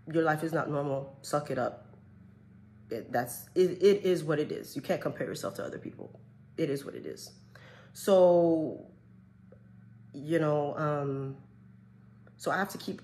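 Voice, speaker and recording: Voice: mid-range voice, rough recording. Young adult vlogger, candid chatty storyteller, mid voice, faint background hiss. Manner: chatty, frank, many fillers and self-quotes. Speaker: vlogger sharing a health journey.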